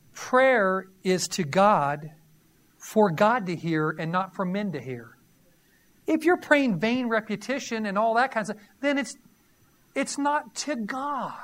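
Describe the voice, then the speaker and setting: Here the preacher speaks in a very high voice with a fairly bright tone. Reading from scripture, he keeps the sermon conversational and quizzes his listeners with teasing emphasis.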